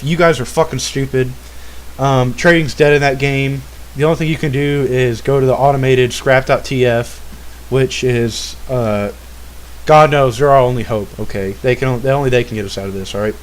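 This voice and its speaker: Rambling, foul-mouthed young man ranting. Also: mid-range voice. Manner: swears constantly, keeps asking "all right?"; rambling, full of "uh" and restarts. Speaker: channel host. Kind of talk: profane gaming rant.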